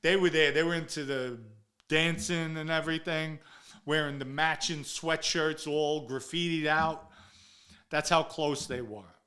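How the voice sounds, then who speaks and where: A man's voice: fairly high pitch, fairly even intonation, measured pace, pushed and bright. A man, telling stories from his own past in a blunt, profane, casual way and acting out the dialogue. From New York area. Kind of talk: casual first-person storytelling.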